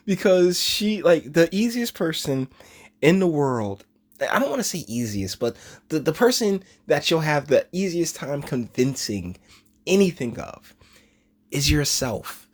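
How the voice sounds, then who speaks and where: A man's voice: fairly high pitch, sing-song, unhurried. A man giving casual, mocking reaction commentary on a video, laughing often and stumbling over his words.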